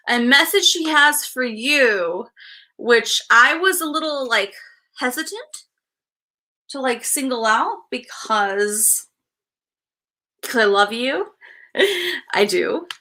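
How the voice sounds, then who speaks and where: Slow, bright-voiced woman medium. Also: high-pitched, lively intonation. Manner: halting, filler-heavy, frank with laughs. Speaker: psychic medium. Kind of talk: casual spirit reading.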